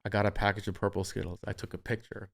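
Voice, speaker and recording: A young man hosting a podcast, telling a story in a casual, animated way, swearing freely and acting out what people said. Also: on the low side, fast talker, creaky. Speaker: podcast host.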